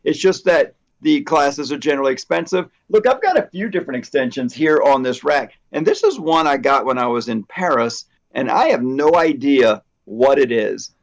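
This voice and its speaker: A man who works with hair extensions, giving relaxed, opinionated advice in a casual chat. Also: mid-range voice, normal speed, hardly any pauses.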